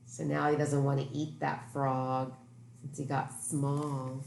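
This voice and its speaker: A woman reading a picture book aloud to children, animated and exclaiming as she points out the pictures. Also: extremely low pitch, slow pace, vocal fry. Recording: echoey room with faint noise.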